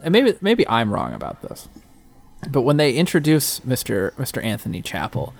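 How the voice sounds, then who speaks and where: A man's voice: medium pitch, wildly swooping pitch, moderate pace, creaky. A man co-hosting a movie podcast, talking casually with wry humor and lots of restarts. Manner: hesitant, repeats words, wry. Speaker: podcast co-host. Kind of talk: casual movie-review chat.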